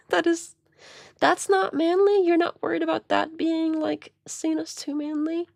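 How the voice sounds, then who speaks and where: A woman's voice: extremely high pitch, little pitch movement, a little slow, vocal fry, a little mellow, no echo, clean studio sound. A woman streamer giving rambling, laughing commentary on video clips. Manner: rambling, many restarts and laughs. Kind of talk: casual commentary.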